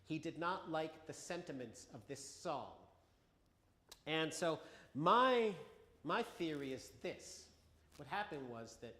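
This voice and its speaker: A man giving a conversational, wry museum talk to an audience, with halting restarts. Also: a little high, a bit bright. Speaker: lecturer and folk singer. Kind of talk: museum talk with sung examples. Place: museum hall. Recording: echoey hall with guitar. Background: acoustic guitar.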